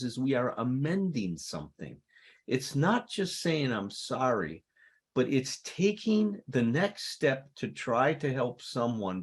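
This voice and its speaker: A man's voice: medium pitch, slightly rough. A man co-presenting a recovery talk, explaining amends in an earnest, conversational teaching manner. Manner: earnest, acts out insincere apologies animatedly.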